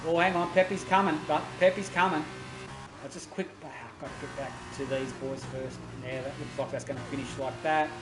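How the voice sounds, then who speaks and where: A man commentating a sim racing stream, getting loud and excited at the action. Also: mid-range voice, normal speed, music in the background. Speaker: esports race commentator. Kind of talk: live stream race commentary. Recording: roomy with faint noise.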